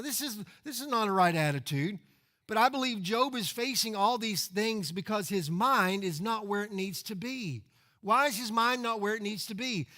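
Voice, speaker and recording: A man with a high voice preaches a sermon as a pastor. He talks in a loose, conversational way, throwing out rhetorical questions and repeating words as he goes. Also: bright, forceful tone. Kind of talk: expository sermon. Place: church sanctuary.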